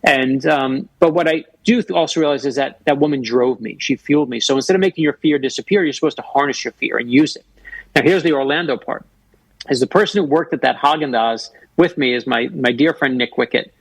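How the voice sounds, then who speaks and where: Guest author, a man in his fifties, with a husky voice and a dry, close sound. He tells earnest personal stories. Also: mid-range voice, fairly quick, dry recording, poor audio. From Florida. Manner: earnest storyteller who acts out quoted voices. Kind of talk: storytelling in a radio interview.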